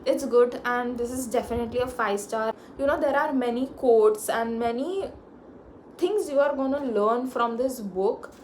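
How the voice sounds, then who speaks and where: A young woman, talking casually about books in an excitable, gushing way with sudden pitch jumps and frequent laughter. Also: moderate pace, a little hiss or hum. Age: young adult. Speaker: book vlogger. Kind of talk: casual book review chat.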